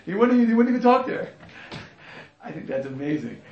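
A man teaching a lively, joking class on a religious text to students, acting out quotes with many restarts. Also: high voice, normal speed, roomy sound, lo-fi sound. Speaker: Torah teacher. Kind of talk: lively informal class on the Megillah.

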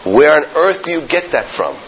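A man's voice: a little high, normal speed, dull audio, slight background noise. A man with an American Yeshivish accent teaching a Torah class, telling stories and pressing his points emphatically. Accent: American English with Yeshivish Hebrew and Yiddish terms. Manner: emphatic, storytelling, rising to animated stress.

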